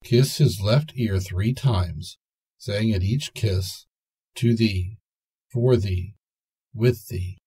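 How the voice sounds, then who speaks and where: Old man doing a serious good fairy lady, slow and solemn, low husky voice. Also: mellow, exaggerated voice, poor audio. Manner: solemn, measured. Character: kindly but solemn female fairy.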